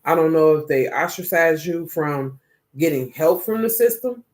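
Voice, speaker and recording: A man's voice: on the high side, normal speed. Profane rambling tarot reader, man. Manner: profane, rambling, slangy and animated. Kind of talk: casual tarot reading monologue.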